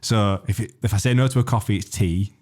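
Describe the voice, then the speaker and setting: A man's voice: on the low side, fairly quick, darkish tone. A man, co-hosting a podcast, rambling through stories and laughing often. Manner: rambling storyteller, laughs often, many restarts. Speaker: podcast co-host. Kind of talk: casual chat.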